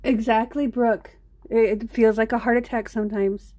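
A woman's voice: fairly high pitch, fairly even intonation, moderate pace, mellow. A middle-aged woman hosting an art live stream, rambling and chatting straight to her viewers. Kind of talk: casual live-stream chat.

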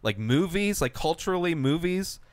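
A man co-hosting a podcast in casual chat, swearing freely and giving quick offhand opinions. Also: on the high side, lively intonation, dry recording, clean studio sound. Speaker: podcast co-host.

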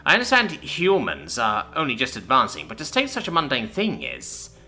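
A man's voice: mid-range voice, wildly swooping pitch, normal speed, pushed and bright, faint music behind, voice pushed up, exaggerated voice. A man doing a pompous bird-like alien scientist. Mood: haughty. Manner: haughty, self-assured.

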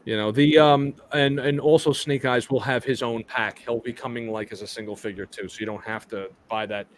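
A man's voice: mid-range voice, fairly even intonation, a little fast. A man hosting a live toy chat stream, talking casually with lots of restarts and stumbles and some casual swearing.

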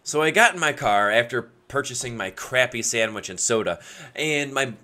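A man spinning a story for his viewers with a bright, forward voice. His pitch swings widely as he laughs his way through it and clips his curses short. It is a casual, chatty vlog delivery. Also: moderate pace. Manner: animated, laughs often, cuts off swear words mid-word. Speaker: video creator giving dating advice.

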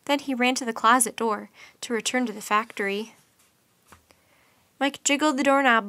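A woman with a bright, slightly high voice reads a children's bedtime storybook aloud with lively expression. She keeps a moderate pace, and the sound is dry and close, with no echo.

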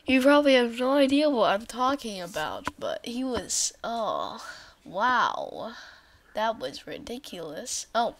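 Brief: unhurried woman gamer, silly rambling commentary, whispered asides. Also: a little high. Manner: bursts into excited shrieks. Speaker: let's play commentator. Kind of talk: gameplay commentary.

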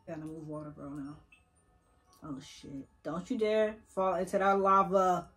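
A woman's voice: fairly low pitch, fairly even intonation, unhurried, fairly bright tone. A young woman giving casual let's-play commentary at her computer, chatting to the viewers and coaxing and teasing the game characters. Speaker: gaming YouTuber. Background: faint game music.

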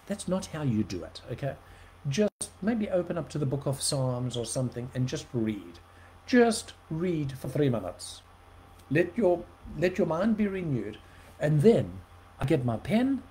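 Animated preacher, mellow voice. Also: male voice, fairly high pitch, rough recording. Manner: animated storytelling, shifting loud and soft. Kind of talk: sermon with personal story.

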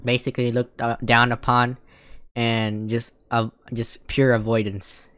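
A woman giving loud, profane, mocking commentary while reacting to a video, often laughing. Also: very deep voice, little pitch movement, unhurried, clean tone, no echo.

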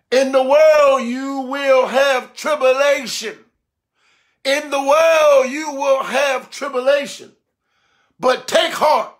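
Man preaching in a really high voice, goes from shouting to almost whispering, keeps calling out to the crowd. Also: fairly even intonation, slow pace. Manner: emphatic preaching, swinging between shouts and hushed tones; calls out exclamations and asks the listeners for response. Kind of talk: sermon.

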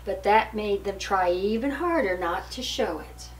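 An older woman reading a children's storybook aloud at an unhurried pace. She sits a little back from the microphone, and a faint hiss runs under her voice. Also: medium pitch, lively intonation, roomy sound. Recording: distant mic with faint hiss.

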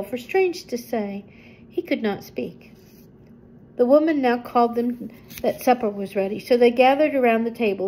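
An older woman reading a children's book aloud to a listener, with gentle chatty asides. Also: a little high, a little hiss or hum, rough recording. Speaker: storyteller.

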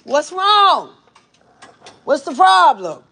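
A woman on a phone livestream in a hotel hallway, loud and profane, repeating the same orders over and over. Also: sits high, sing-song, extremely slow, gravelly, background noise. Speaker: livestreamer intervening in a dispute.

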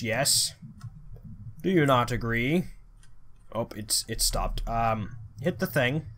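Man, let's play commentary, excitable, swears a lot, lively pitch, thinks aloud. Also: takes it slowly, long pauses. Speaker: gamer.

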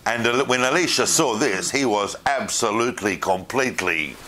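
A man's voice: mid-range voice, normal speed. A man giving an informal lecture to a class, asking questions of the room and answering them himself. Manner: animated, asks the room questions.

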